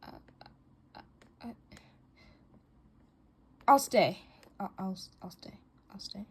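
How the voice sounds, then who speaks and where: A woman's voice: mid-range voice, measured pace, darkish tone, slightly rough. Woman voicing a hurt, stammering teen girl. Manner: stammering, defensive. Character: hurt, hesitant teen girl in doll drama. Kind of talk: doll drama voice acting.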